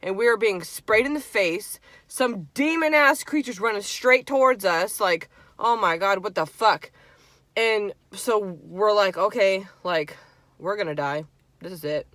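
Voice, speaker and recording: Young woman vlogger, bright voice, dry close sound, animated swearing storytime. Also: medium pitch, normal speed, no echo. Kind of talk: casual storytime while eating.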